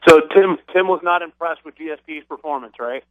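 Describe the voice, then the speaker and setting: A man's voice: fairly high pitch, brisk, no room sound. A man hosting a radio show, interviewing a guest in a casual way with some hesitations. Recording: tinny phone-band radio audio.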